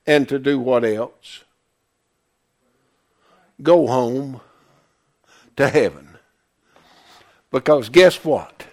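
A man's voice: mid-range voice, extremely slow, pauses often, a little mellow. A man preaching a sermon, emphatic, firing questions at the congregation. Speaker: pastor.

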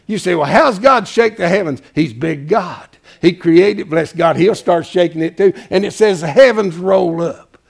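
A man preaching a folksy sermon, swinging from hushed asides to shouting. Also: sits high, moderate pace, creaky.

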